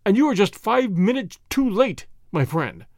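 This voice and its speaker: A man's voice: high-pitched, sing-song, normal speed, dry recording, studio quality. A man voicing a scheming male revolutionary agent, clipped and commanding, full of impatient fury.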